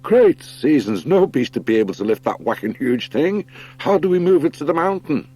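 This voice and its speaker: A man voicing an excitable male woodland creature in an audiobook, exclaiming in amazement. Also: a little high, moderate pace, husky, pitched above the performer's own voice. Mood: amazed. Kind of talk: audiobook character voice.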